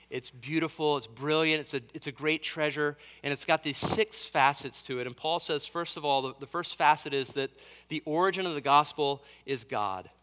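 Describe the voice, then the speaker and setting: A man's voice: fairly high pitch, sharp tone, big-room sound. A man preaching a sermon as pastor, earnest and emphatic, building on repeated phrases.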